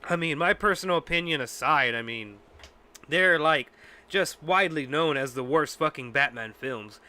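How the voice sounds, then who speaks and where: A man's voice: fairly high pitch, expressive, normal speed, sharp tone. A male podcast host in a casual, profane, exasperated rant. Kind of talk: casual ranting chat.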